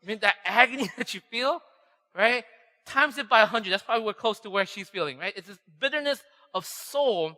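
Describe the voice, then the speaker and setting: A pastor with a high-pitched, sharp, animated voice preaches a conversational sermon at a fairly quick clip. He keeps asking "right?" and acts out the voices he quotes, all within a long hall reverb.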